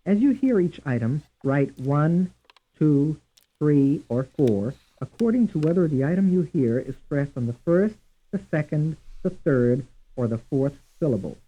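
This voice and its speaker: A man reading a language course drill slowly and deliberately, saying each word twice. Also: fairly high pitch, animated. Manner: reads words twice, evenly paced. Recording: tinny, phone-like old course audio.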